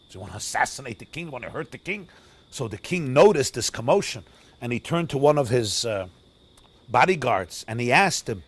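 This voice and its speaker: Rabbi telling a story, big dynamic swings, Yiddish and Hebrew words sprinkled in, mid-pitch male. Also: very animated, normal speed, long pauses, slightly rough. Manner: dramatic, swinging between loud and hushed, Yiddish and Hebrew words mixed in. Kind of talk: sermon storytelling. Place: outdoors near a forest.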